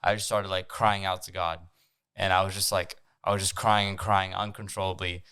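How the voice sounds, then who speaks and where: A man's voice: low-pitched, flat delivery, normal speed, sharp tone, clean tone, no echo. A young man from France hosting a casual faith podcast, earnest and using "like" a lot. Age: young adult. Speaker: podcast host. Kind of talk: casual chat.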